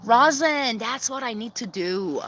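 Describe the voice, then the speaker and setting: A woman chatting casually on a livestream from her backyard coop, laughing often, giving viewers shout-outs and calling to her hens. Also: lively intonation, a little slow. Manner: calls to her hens in a very high sing-song voice. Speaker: vlogger hosting a livestream premiere. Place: outdoors in a backyard by the chicken coop.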